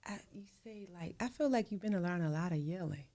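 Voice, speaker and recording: Low-voiced woman asking direct questions. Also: animated, fairly quick, warm tone. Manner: direct, probing questioner who pushes back. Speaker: podcast co-host. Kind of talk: candid podcast conversation.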